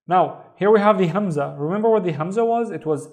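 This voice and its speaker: A man with a Saudi Arabic accent teaches an online language lesson, speaking slowly and carefully and repeating each word so learners catch the pronunciation. His voice sits high, expressive and darkish in tone.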